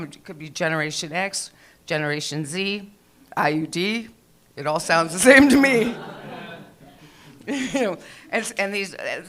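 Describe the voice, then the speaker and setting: A woman's voice: lowish voice, fairly bright tone. A middle-aged woman doing rambling open-mic stand-up on a small club stage, swearing and acting out the people in her stories. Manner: chatty, rambling, swears, acts out quoted people. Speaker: stand-up comedian.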